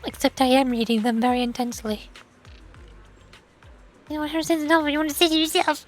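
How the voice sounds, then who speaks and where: A tired woman streamer and voice actor chatting quietly and softly with frequent giggles. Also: sits high, steady tone, moderate pace, long pauses, faint music behind. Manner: quiet and soft-spoken, giggly. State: tired after hours of streaming. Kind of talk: casual gaming stream chat.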